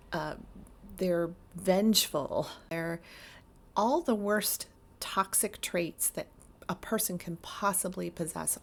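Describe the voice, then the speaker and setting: A woman therapist giving earnest, emphatic advice straight to camera, stacking up lists to make her points. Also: on the low side. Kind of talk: direct-to-camera advice talk.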